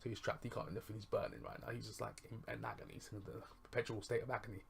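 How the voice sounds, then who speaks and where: A man's voice: lowish voice, fairly even intonation, rapid-fire, creaky, slight background noise. A man casually retelling a film's plot as a reviewer, rambling, chuckling and correcting himself as he goes. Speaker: movie reviewer.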